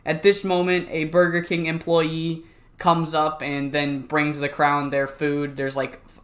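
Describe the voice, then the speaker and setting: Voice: mid-range voice, flat delivery, unhurried. Youtuber talking thru a wrestling sim, rambly, cusses a lot, laughs at own screwups. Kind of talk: casual game commentary.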